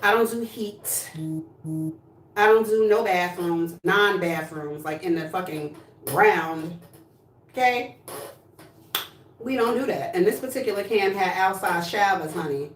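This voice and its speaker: A woman's voice: mid-range voice, unhurried, pauses often, distant mic. A woman from New Jersey chatting casually on a livestream, sassy and blunt with plenty of swearing. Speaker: livestream host. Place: home room, indoors. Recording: echoey room, voice from off-mic.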